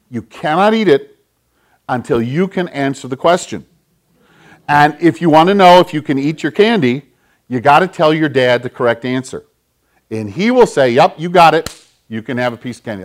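A man giving a children's sermon as pastor, in a gentle, conversational way, often clearing his throat. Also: a little high.

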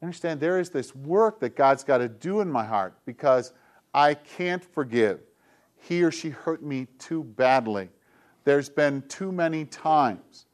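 A middle-aged male pastor preaching a sermon with an emphatic, repetitive cadence, dropping at times into soft, hushed tones. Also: on the high side, expressive, unhurried. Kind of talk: sermon to a congregation with kids.

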